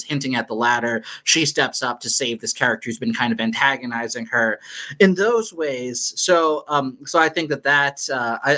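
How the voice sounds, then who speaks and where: A man's voice: medium pitch, pushed and bright. A man on a film discussion podcast, giving long analytical explanations full of "like" and "you know". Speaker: podcast co-host.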